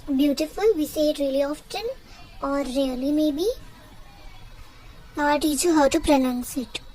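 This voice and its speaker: A young girl with a very high voice teaches simple words in a casual home lesson. She talks slowly and haltingly, repeating each word so the listener can practise. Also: warm tone, faint music behind, poor audio. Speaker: language teacher.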